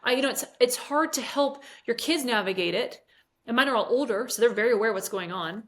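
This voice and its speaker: A woman's voice: fairly high pitch, animated, brisk, a bit bright. A woman in her forties, a fitness coach, telling a personal story candidly and emotionally, with hesitations. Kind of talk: interview conversation.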